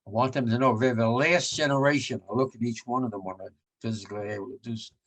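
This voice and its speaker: Gravelly blunt man in his nineties. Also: medium pitch, steady tone, fast, fairly bright tone. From United States. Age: 90s. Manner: blunt, emphatic, repeats his points with rising force. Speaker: war veteran speaker. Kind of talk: remembrance talk to students.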